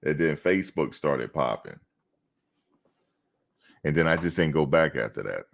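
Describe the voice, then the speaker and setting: An extremely low-pitched man with vocal fry speaks in an animated but unhurried way. He's a reaction streamer chatting casually on a livestream, telling loose, rambling stories and talking straight to his chat viewers.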